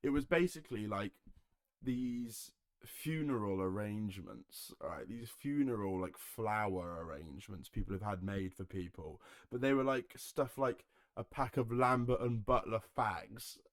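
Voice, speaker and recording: A young man from Herefordshire hosts a solo podcast, talking in a loose, jokey ramble full of swearing and laughter. His voice sits low. It is recorded close and dry at his home setup. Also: a little slow, dry recording. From Herefordshire, England. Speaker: podcast host.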